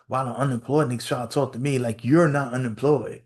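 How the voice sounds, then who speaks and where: A male podcast host telling a story in a casual, animated rant, repeating phrases and acting out quotes. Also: medium pitch, fast, hardly any pauses. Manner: animated storytelling with lots of repetition and acted-out quotes.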